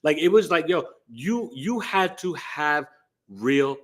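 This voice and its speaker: A man's voice: a little high, takes it slowly. A man from New City, hosting a live astrology stream in casual, slangy, emphatic chat. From New York City. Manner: animated, emphatic, slangy, boastful. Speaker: astrology show host.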